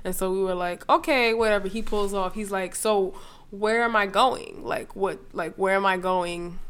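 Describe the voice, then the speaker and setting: A young woman from the New York area telling a story in casual chat, animated and profane, acting out the people she quotes. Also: medium pitch, moderate pace, smooth.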